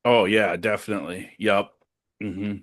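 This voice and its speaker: A man's voice: lowish voice, fairly even intonation, measured pace. A young man co-hosting a casual podcast, animatedly retelling scenes and acting out characters' lines with plenty of swearing. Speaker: podcast co-host. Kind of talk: casual movie recap chat.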